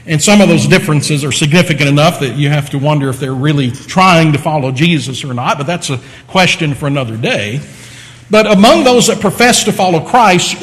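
A man preaching a sermon, teaching with lively emphasis and repeating phrases to drive points home. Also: on the high side, long reverb tail, low-quality recording. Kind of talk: sermon lecture.

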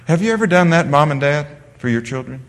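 A man from the Netherlands delivers a sermon with a lively, swinging delivery, leaning hard on key words and then softening into gentle storytelling. His voice carries a long reverberant tail, as if filling a big sanctuary. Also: on the high side, fast. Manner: animated preaching, drops to a soft storytelling voice. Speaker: pastor.

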